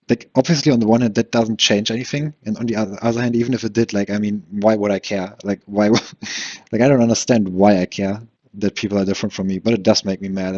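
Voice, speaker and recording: A man's voice: on the low side, a little mellow. A man hosting a solo podcast, rambling through a frustrated, self-questioning monologue full of restarts and short laughs. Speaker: podcast host. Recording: dull lo-fi recording.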